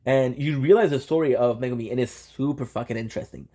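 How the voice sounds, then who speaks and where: A young man hosting his channel, excitedly recapping an anime in casual slang, with lots of restarts and swearing. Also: medium pitch, fast. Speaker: channel host.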